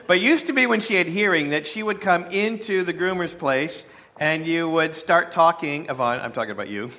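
Pastor, male, bright and fairly high voice, easygoing sermon delivery. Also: expressive, fairly quick. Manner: conversational, with fillers and playful asides to the congregation.

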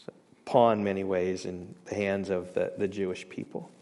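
A man preaching a sermon as pastor, emphatic, rising loud on scripture and dropping quiet, often repeating and restarting his words. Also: low voice, little pitch movement, moderate pace.

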